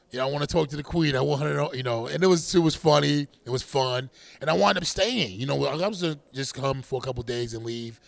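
Middle-aged male, gravelly, animated storyteller, laughs a lot, quick to shout. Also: mid-range voice, no echo. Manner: animated, laughing, bursts into loud catchphrase shouts. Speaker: boxer, interview guest. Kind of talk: casual interview storytelling.

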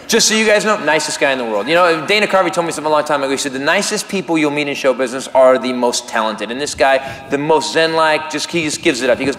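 A middle-aged man performing a stand-up comedy routine, telling a story in an animated way and breaking into high shouted voices, recorded live on stage. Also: moderate pace, long pauses, background noise. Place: theater stage. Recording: live stage mic in a reverberant hall. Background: audience ambience.

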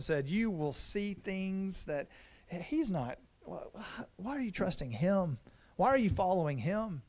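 A man preaching a sermon as pastor, in a conversational way, often repeating words as he restarts. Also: high-pitched.

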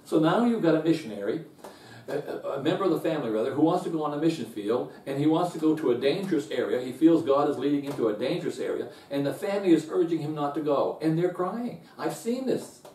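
A man's voice: expressive, fast talker, roomy sound, recorded from a distance. A man teaching a Bible lesson in an earnest way, restarting and repeating words, his voice rising when he stresses a point. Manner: rises in pitch and loudness when stressing a point.

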